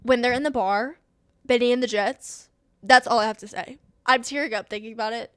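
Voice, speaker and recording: A woman's voice: a little high, steady tone, brisk, fairly bright tone, no echo, clean studio sound. A young woman hosts a podcast and gushes over a favorite movie, full of fillers and squealing bursts. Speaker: podcast host. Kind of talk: excited movie review chat.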